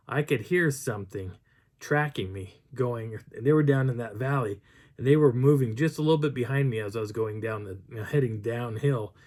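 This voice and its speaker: Medium in pitch and a little mellow, a man's voice carries a casual field story. The Bigfoot researcher from Colorado's high country meanders through a mountain hike tale, restarting frequently and pausing to act out the voices of people he came across.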